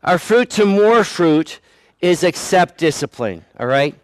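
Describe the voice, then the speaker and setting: A pastor delivers his sermon in a relaxed, conversational way, poking fun at himself and acting out the people he quotes. He is a man with a fairly high-pitched voice. The recording is dry and close, with almost no room sound. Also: unhurried, no echo. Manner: conversational, self-deprecating, acts out quoted voices.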